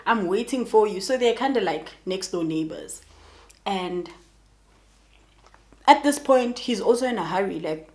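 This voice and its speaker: Animated South African woman telling a story. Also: medium pitch. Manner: animated, chatty, addresses viewers as guys. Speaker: YouTuber. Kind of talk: casual storytime.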